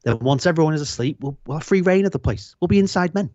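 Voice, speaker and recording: A man's voice: a little high, expressive, quick pace, warm tone, no echo, lightly acted. A man voicing a scheming impostor chef in a live script read, confident and persuasive, on a lo-fi line. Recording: lo-fi dull sound.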